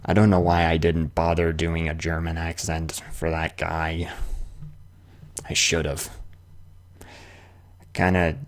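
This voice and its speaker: A man voicing a game playthrough, reading the lead's lines calmly in his own voice and commenting between scenes. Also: very deep voice, slow, long pauses. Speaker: game voice-over player. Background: game music.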